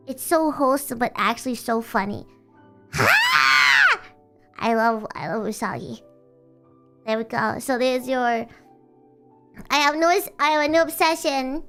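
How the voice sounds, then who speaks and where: A woman's voice: sits high, a bit bright, clean tone. A woman streamer chatting casually in a rambling, bubbly way, teasing herself and restarting her sentences often. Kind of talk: casual livestream chat.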